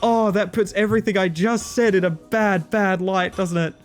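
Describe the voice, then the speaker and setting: A man's voice: high-pitched, fairly even intonation, moderate pace, faint music behind. A young adult man casually commentating on a game stream, telling stories in a joking way. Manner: joking storyteller.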